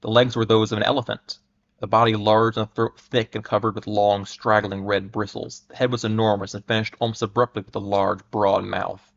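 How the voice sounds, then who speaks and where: A man reads an old adventure story aloud in a measured, dramatic way, now and then tripping over a word. His voice sits low with a gravelly texture. The recording is dull and lo-fi. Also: little pitch movement. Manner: measured, with occasional stumbles and restarts. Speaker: reader. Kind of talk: dramatic reading of pulp fiction. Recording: muffled lo-fi recording.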